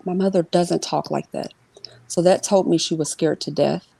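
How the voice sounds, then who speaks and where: A woman giving an interview, telling a personal story in a quick, conversational way with many fillers and restarts and imitating the people in it. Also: lowish voice, steady tone, creaky, mellow, husky, dry recording. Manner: voices others in her retelling. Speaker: interview guest. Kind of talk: emotional personal account in an interview.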